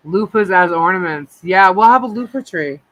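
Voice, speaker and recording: A woman with a lowish, expressive voice co-hosts a casual live chat at a moderate pace over background noise. She's a chatty storyteller who acts out her pets as she talks.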